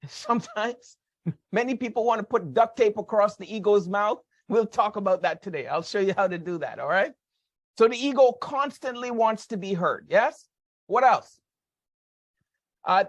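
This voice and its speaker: A financial educator with a high-sitting voice gives a motivational lesson on money, recorded without room sound. He speaks emphatically, repeats his key points, and tacks on rhetorical questions.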